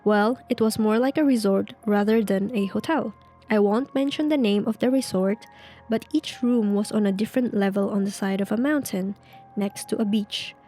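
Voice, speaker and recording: A woman reading a creepy story aloud in a slow, hushed way, with casual asides of her own. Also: medium pitch. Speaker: narrator reading online stories. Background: faint music.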